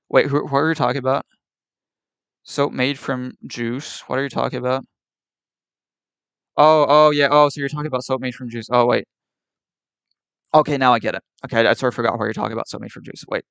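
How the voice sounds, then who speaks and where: A man's voice: medium pitch, steady tone, a little fast, creaky, long pauses, a bit bright, clean tone, no echo. A man streaming live, arguing with and ranting at his chat in an exasperated, repetitive way. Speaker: livestreamer.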